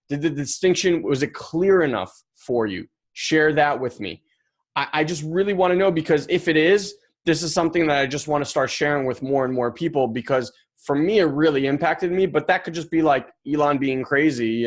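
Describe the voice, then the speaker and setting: Animated man hosting a podcast. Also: fairly high pitch. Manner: animated, acts out quoted inner voices. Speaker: podcast host. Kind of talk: casual motivational monologue.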